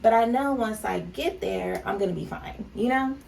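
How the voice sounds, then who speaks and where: A woman's voice: medium pitch, moderate pace, creaky, a little mellow. A woman in her thirties from California, chatting candidly while doing her makeup and calling her viewers "child", "baby" and "honey". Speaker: vlogger and clothing brand owner. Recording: slightly distant mic with faint background noise.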